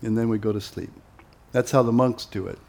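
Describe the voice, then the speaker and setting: A man giving an informal spiritual talk to devotees in a relaxed, conversational way, with many pauses and acted-out quoted exchanges. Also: mid-range voice, creaky. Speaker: monastic teacher.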